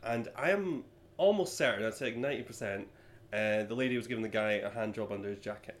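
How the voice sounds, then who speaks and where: A man's voice: lowish voice, fast talker. A man hosting a podcast, chatting in an easygoing way. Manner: easygoing, backchannels, laughs often. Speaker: podcast host. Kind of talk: casual podcast chat.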